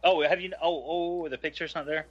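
A man's voice: fairly high pitch, steady tone, fairly quick, husky. Man with dull, lo-fi sound. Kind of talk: casual chat.

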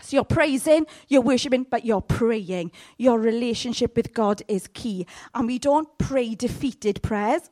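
A woman giving a sermon in a humorous, conversational way, with sudden loud, high outbursts. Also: a little slow, few pauses, no room sound. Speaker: preacher.

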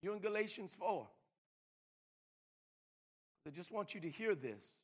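An older man preaching a sermon, stammering and repeating words, swinging from loud emphasis to hushed slow lines. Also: high-pitched, very animated. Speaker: pastor.

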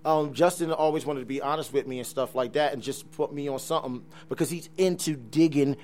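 Casual guest: a New Jersey man in his own voice, a bit high, lively and laughing. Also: a little fast. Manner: animated, laughing, trails off quietly. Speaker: comic book artist. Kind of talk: casual chat.

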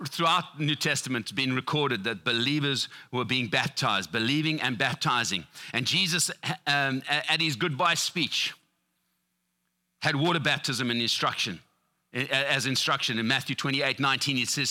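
Middle-aged pastor guy preaching, really bright voice, animated storytelling. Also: medium pitch, moderate pace. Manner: lively storytelling with acted quotes and laughter. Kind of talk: sermon.

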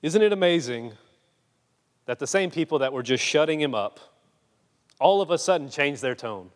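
A man's voice: on the high side, animated, moderate pace. A man preaching a sermon, dramatic and insistent, firing off rhetorical questions and acting out the scripture he quotes. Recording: long reverb in a large hall.

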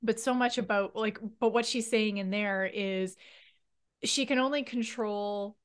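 A woman's voice: mid-range voice, measured pace. Earnest woman co-host, casual chat. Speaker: podcast co-host.

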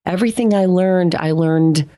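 A woman's voice: fairly low pitch, moderate pace, mellow. A woman from the Chicago area, a voice actress, telling stories as a guest in a loose, rambling way. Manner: rambling, many fillers and restarts, laughs easily. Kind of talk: casual interview chat.

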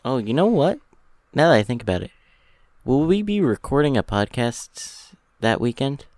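A man's voice: medium pitch, big pitch swings, normal speed, a little mellow, no echo. A man on a casual podcast, making dry, wry remarks over a voice call. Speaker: podcast co-host. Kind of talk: casual chat.

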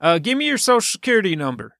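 Bright, playful man on a podcast. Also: high-pitched, big pitch swings, gravelly, no echo, clean studio sound. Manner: playful, quick to join a bit. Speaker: podcast co-host. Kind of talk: joking movie-discussion podcast.

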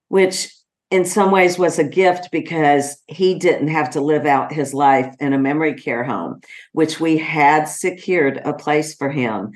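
A middle-aged woman with a low voice talks in an unhurried, gentle way, pausing often and filling gaps with soft ums. It sounds like a heartfelt personal podcast monologue. Her warmth comes through in how she takes her time. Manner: slow, gentle and heartfelt, with frequent pauses and fillers. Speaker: podcast host.

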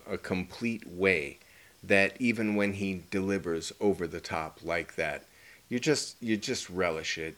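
Excitable man gushing about movies. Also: low-pitched. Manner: excitable, swearing, acts out movie lines. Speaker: podcast co-host. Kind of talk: casual movie review chat.

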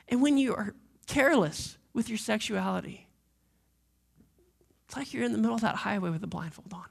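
A man's voice: high-pitched, animated, brisk, gravelly, long pauses, slightly rough. A man preaching a sermon as lead pastor, earnest and direct with his listeners.

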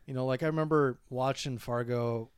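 A man's voice: medium pitch, steady tone, moderate pace, smooth, no echo, studio quality. A man in his thirties from Minnesota with a Minnesota accent, chatting casually as a podcast co-host, talkative and laughing easily. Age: 30s. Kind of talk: casual chat.

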